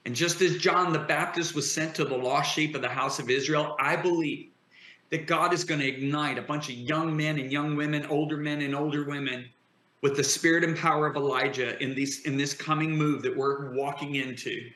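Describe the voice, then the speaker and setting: A man talks like a fervent preacher, emphatic and driving. His voice is bright and forceful. The sound bounces around an echoey room. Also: on the high side, steady tone, moderate pace. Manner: emphatic, builds to impassioned declarations. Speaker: guest preacher.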